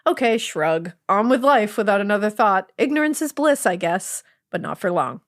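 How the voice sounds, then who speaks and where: A woman's voice: mid-range voice, lively intonation, normal speed. A woman podcast co-host reading a listener's story aloud in a sarcastic, swearing, laugh-prone way. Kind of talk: casual storytelling read-aloud.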